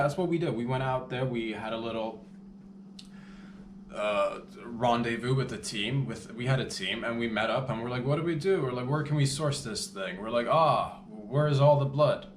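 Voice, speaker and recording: A man's voice: mid-range voice, normal speed, close to an everyday voice. A man playing a laid-back slangy vampire. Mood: casual. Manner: slangy, rambling, calls everyone baby. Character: laid-back modern male vampire selling blood. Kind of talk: improvised comedy monologue. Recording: echoey room with faint background hum.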